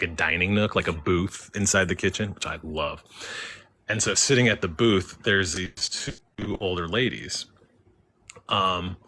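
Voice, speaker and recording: A young man telling a personal ghost story in casual chat on a live stream, acting out the voices he quotes. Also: low-pitched. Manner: animated, acts out quoted voices. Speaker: caller sharing a story.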